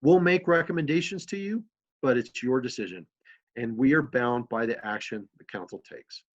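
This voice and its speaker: A man in the role of city manager talks a council through its duties in an easy, conversational way, mixing in stories and the odd "um." His voice sits at a middle pitch. The recording is dull and lo-fi. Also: moderate pace. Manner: conversational, storytelling with fillers. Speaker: city manager giving a training presentation. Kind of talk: presentation to a council.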